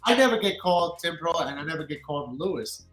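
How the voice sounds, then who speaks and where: A man in his thirties from the Dominican Republic with a New York accent, talking loudly and eagerly as a guest. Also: a little high, animated, fast talker, soft background music. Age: 30s. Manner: enthusiastic, loud. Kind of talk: casual live-stream chat.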